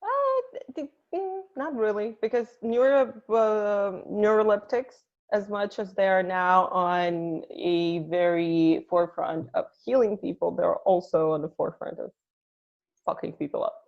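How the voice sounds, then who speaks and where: A woman's voice: mid-range voice, unhurried. Russian accented woman, blunt, swears a lot, laughs mid sentence, kinda muffled recording. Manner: blunt, swears freely, laughs between points. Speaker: comedian guest. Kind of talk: casual interview chat.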